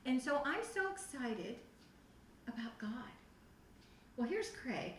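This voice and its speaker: Animated woman giving her testimony, echoey. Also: sits high, slow. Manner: animated storytelling, acts out her own past reactions. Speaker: testimony speaker at a youth group. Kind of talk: personal testimony talk. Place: church youth room. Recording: echoey room, voice from far off the mic, faint noise.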